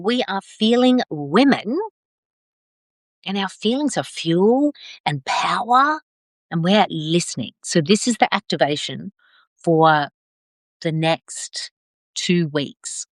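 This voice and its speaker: A middle-aged woman leading a live video circle, gentle and affirming, drawing out her phrases as she reads out comments. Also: medium pitch, dry recording, clean studio sound. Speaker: circle facilitator.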